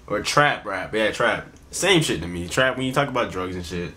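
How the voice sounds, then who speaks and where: A man's voice: lowish voice, expressive, normal speed, bright, forceful tone. A man hosting a reaction video, talking in a laid-back, slang-heavy casual style to his viewers.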